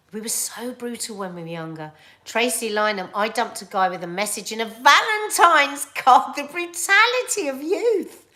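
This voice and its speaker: A middle-aged woman with a British accent, hosting a casual livestream chat and telling stories in an animated, chatty way. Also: mid-range voice, a little slow, pauses often. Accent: British English. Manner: animated, chatty storytelling with laughs and asides. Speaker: livestream host reading viewer comments.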